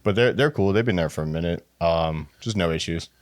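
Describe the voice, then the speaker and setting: Speaking in a low voice over a dry recording, this American man owns a tattoo shop. In a podcast studio he chats casually, telling stories quickly and with animation while acting out the quotes.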